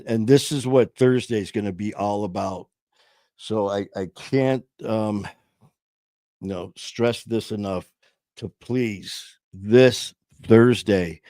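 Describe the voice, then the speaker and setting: A man with a lowish voice tells a story to his viewers in an earnest, rambling way, stopping and restarting often. He is hosting a sobriety support livestream from a small home studio. The sound is close and dry, with no room echo. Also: a little mellow.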